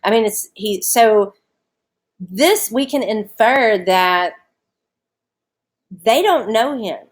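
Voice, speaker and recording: A woman teacher talks through a short story in a recorded online lesson. She speaks casually and chattily, with plenty of fillers. Her voice sits at an ordinary middle pitch. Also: animated, takes it slowly.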